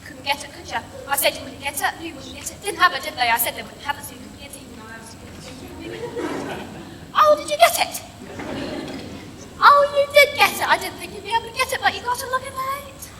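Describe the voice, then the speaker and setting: Fast and very animated, this woman's high voice carries over crowd noise in an echoey hall, recorded from a distance. She's performing a stage comedy sketch as a tactless, gossipy old London gran who nags, says things twice and fires off rude jabs.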